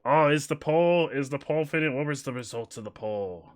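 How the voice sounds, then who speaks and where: A young man streaming a game, joking with chat and swinging between loud outbursts and quiet mumbling. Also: fairly high pitch, normal speed, slight background noise. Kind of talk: livestream gameplay commentary.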